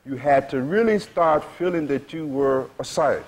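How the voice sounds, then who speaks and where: Speaking at a normal speed in a fairly high-pitched voice, this man teaches a sermon to people seated before him. As a spiritual teacher, he uses plain, frank vernacular and repeatedly checks in with "you see?"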